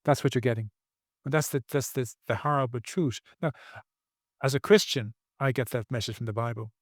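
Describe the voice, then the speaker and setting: A man's voice: medium pitch, a little fast, no echo, clean studio sound. A man speaking as a podcast guest, earnest and preachy, repeating phrases for emphasis. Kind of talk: podcast interview.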